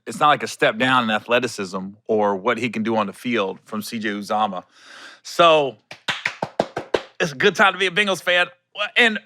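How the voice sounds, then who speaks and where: Recorded with no echo, a fairly high-pitched male podcast host rambles through loose stories on his own show. He stays lively, laughs a lot, curses offhandedly, and puts on voices for the people he quotes.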